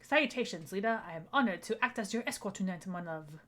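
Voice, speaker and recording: A woman voicing a courtly male pigeon gentleman in a deliberately bad, exaggerated French accent. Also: medium pitch, animated. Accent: fake French.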